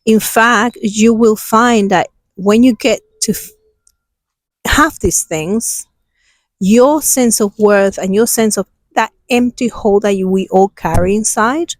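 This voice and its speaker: Hosting a self-healing session outside with people passing by, a woman first guides listeners through meditation, then stresses the importance of inner awareness. Her slow, soothing, emphatic mid-range voice comes through dry on a low-quality recording.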